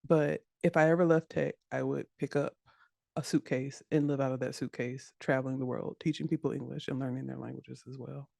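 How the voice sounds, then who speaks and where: A woman with a Southern US accent, chatting as a podcast guest, animated and laughing often as she acts out what people said. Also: extremely low pitch, fairly quick, vocal fry, dry recording, clean studio sound. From United States. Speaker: podcast guest, web developer. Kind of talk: casual interview chat.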